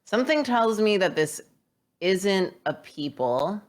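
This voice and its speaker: A woman's voice: medium pitch, very animated, takes it slowly. A woman chatting casually on a charity game stream, playful and laughing often as she draws. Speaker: charity stream guest drawing characters. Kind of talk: casual chat.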